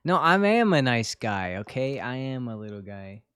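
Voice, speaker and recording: A man's voice: medium pitch, big pitch swings, moderate pace, fairly bright tone, smooth, no room sound. A young man streaming a game, chatting casually with viewers in a joking, self-mocking way. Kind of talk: casual live-stream chat while gaming.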